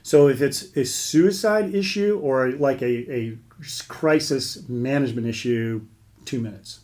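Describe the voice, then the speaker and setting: A man's voice: medium pitch, a little slow, darkish tone. Veteran charity leader, middle-aged man, casual interview guest, earnest and rambling with repeated words.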